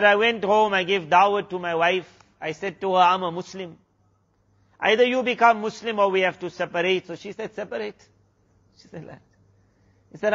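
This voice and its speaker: South African male preacher telling a story, high voice, muffled recording. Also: fairly bright tone. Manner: retells a story with many quoted exchanges. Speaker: Islamic preacher. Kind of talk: storytelling sermon.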